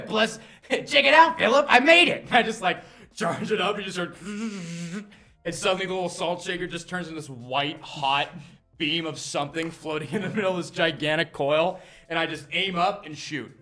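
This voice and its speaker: A man's voice: fairly high pitch, steady tone, moderate pace, pushed and bright. A man playing a tabletop role-playing game, rowdy and swearing, laughing often as he describes his character's actions. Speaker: player.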